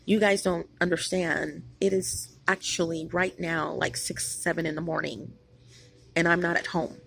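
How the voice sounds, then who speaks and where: A woman's voice: lowish voice, flat delivery, normal speed, vocal fry, fairly bright tone. A woman hosting her own channel, talking in a rambling, emphatic vlog monologue with many restarts, tired after being up all night. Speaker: channel host.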